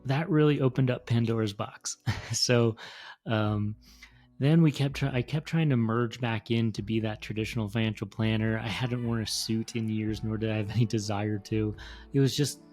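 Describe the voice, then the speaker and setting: A middle-aged man from the East Coast of the United States, co-hosting a podcast, talking in an earnest, measured way with some fillers. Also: lowish voice, fairly even intonation, a little mellow, faint music behind. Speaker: podcast co-host. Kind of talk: casual reflective talk.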